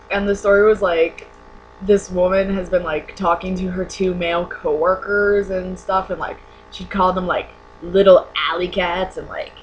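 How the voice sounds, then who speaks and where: In a casual webcam vlog, a young adult woman with a fairly low voice rambles sarcastically and says "like" constantly. The webcam mic gives a rough recording with slight background noise.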